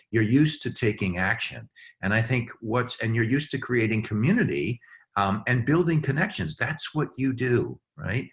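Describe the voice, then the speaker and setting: A man's voice: fairly low pitch, fairly bright tone. A man speaking earnestly to camp professionals over a video call, with many ums and uhs. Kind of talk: heartfelt talk to an online audience.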